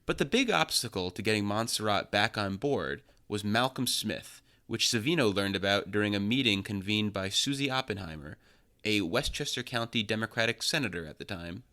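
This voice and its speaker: A man reading scripted news narration in a measured, even way. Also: lowish voice.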